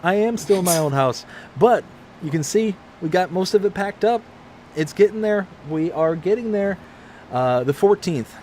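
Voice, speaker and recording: A man's voice: high voice, animated, moderate pace, a little mellow, a little hiss or hum. A man hosting a casual gaming livestream from home, reading viewer comments aloud in a friendly, upbeat way. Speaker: livestream host. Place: home room, mostly packed up.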